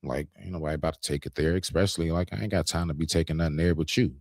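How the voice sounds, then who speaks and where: Deep-voiced man arguing emphatically. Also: very fast, no echo, clean studio sound. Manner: animated, confrontational, emphatic, demonstrates raising his voice. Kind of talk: heated casual debate.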